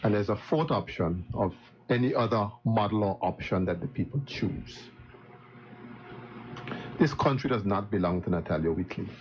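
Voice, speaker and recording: Low-voiced politician over noisy lo-fi sound. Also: male voice. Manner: measured, then rising to heated indignation. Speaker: opposition politician. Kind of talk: political speech at a live event. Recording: dull lo-fi sound with clear background noise.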